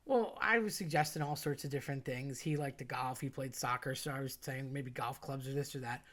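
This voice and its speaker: A woman's voice: a bass voice, fairly quick. Give me a chatty woman telling a rambling personal story. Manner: chatty, rambling, many fillers. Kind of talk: casual spoken storytelling.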